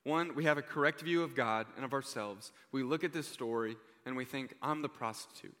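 A young man preaching an earnest, heartfelt sermon, his voice bright and forward. He often sinks to a hushed tone to land a point. Long reverb from the hall trails behind every line. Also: mid-range voice, brisk.

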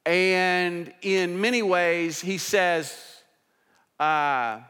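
Pastor preaching in a reverberant hall. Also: male voice, high voice, drawn-out words, smooth. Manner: conversational preaching, swings from hushed to emphatic. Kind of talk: sermon. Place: church sanctuary.

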